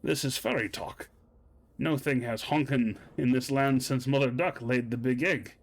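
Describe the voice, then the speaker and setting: A man's voice: mid-range voice, normal speed, close to an everyday voice. A man voicing a proud talking tree in a video game, speaking in archaic old-fashioned phrasing. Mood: defiant.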